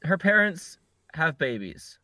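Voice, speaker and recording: A man's voice: a little high, sing-song, takes it slowly, pushed and bright, slight background noise. A man co-hosting a podcast, recapping a movie in a rambling, joking way and often correcting himself. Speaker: podcast co-host. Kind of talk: casual chat recapping a movie. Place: podcast recording setup.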